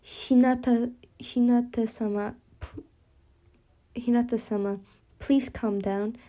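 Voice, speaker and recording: A woman voicing a calm, polite teenage boy who speaks quietly. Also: a little high, slow.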